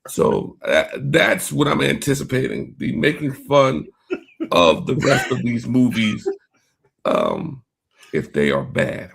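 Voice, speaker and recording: A man co-hosting a casual movie podcast, wry and hesitant, with many drawn-out fillers. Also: mid-range voice, huge pitch swings, vocal fry, husky. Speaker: podcast co-host.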